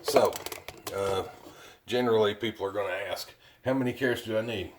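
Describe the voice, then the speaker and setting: Deep-voiced man hosting a cooking video. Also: a little fast, a little hiss or hum. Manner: chatty, plainspoken, with frequent fillers. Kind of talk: casual cooking demonstration.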